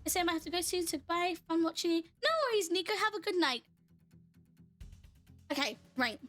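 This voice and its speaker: Chatty high-voiced woman streamer. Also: expressive, fairly quick, a bit bright, soft background music. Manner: chatty, laughing, reads out and answers chat. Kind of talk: casual live-stream chat while gaming.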